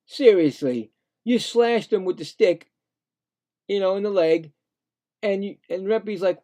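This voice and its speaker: Excitable high-pitched man calling hockey. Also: a little slow, pauses often. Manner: excitable, indignant, rambling with frequent restarts. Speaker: live play-by-play streamer. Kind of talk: casual hockey play-by-play commentary.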